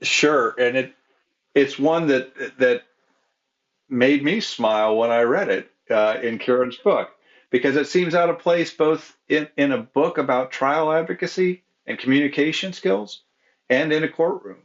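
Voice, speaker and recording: A man's voice: medium pitch, unhurried. Man judge on dull lo-fi audio. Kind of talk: expert discussion.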